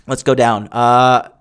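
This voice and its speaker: A man's voice: mid-range voice, smooth. A young man hosting a podcast, talking crudely and boastfully in a rambling casual monologue. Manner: rambling, with many fillers and restarts. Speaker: podcast host answering listener questions.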